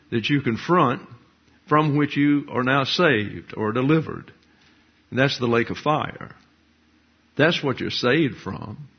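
An older man preaching a teaching sermon, measured and explanatory, with frequent rhetorical questions. His voice is husky at an average pitch. The recording sounds dull and lo-fi. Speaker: pastor.

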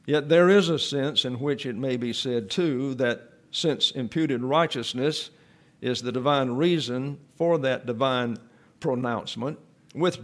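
A man delivers an expository sermon at an unhurried, measured pace, leaning on repeated phrases to drive each point home. His voice sits in a middle pitch, and he teaches in a plain, deliberate way. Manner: slow, deliberate, repeats key phrases for emphasis. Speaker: preacher.

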